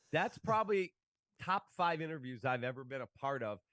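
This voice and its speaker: Man, animated storyteller, mid pitch, dry close sound. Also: unhurried, no room sound. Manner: animated, acts out quoted voices. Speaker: guest, sports broadcaster. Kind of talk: casual storytelling.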